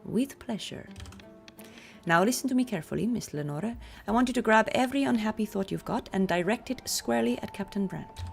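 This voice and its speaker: A woman voicing an older man with a dry wit, speaking low and calmly. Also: fairly quick, gravelly, faint music behind. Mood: sly. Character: dry-witted older man, former merchant.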